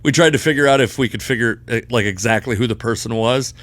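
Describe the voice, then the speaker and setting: Podcast co-host, young adult man, animated storyteller, dry close mic. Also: medium pitch, fast, dry recording. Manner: animated storyteller who gets loud and laughs at the peaks and swears freely. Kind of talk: casual chat, storytelling.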